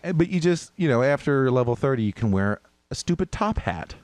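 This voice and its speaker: A man hosting a podcast, telling gaming stories in a lively way and mimicking sounds from the game. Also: mid-range voice, brisk, no echo. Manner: animated storyteller, mimics game sounds and voices. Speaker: podcast host. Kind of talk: casual gaming chat.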